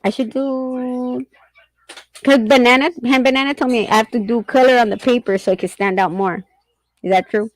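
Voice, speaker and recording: A woman's voice: fairly high pitch, fast, dry recording, rough recording. A middle-aged woman chatting casually and rambling, often laughing as she tells stories about her son. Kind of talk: casual chat.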